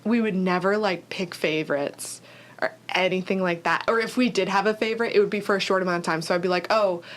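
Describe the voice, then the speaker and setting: A woman's voice: fairly low pitch, fairly even intonation, fast talker, a bit bright. A young woman co-hosting a podcast in casual chat, talking with many "like" fillers. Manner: chatty, lots of "like" fillers. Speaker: podcast co-host.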